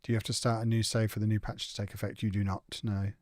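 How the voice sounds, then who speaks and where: A man's voice: on the low side, flat delivery, fast talker, darkish tone, dry recording. Teasing young male game streamer, dry sound. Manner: playful, teasing banter reading out chat. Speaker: live-stream host. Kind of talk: casual live-stream chat while gaming.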